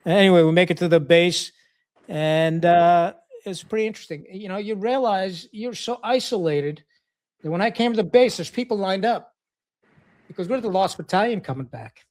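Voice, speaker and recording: A man's voice: high voice, moderate pace, a little mellow. A middle-aged man from Pakistan, a retired Marine officer, telling war stories as a podcast guest in a blunt, profane, casual way and acting out quoted dialogue.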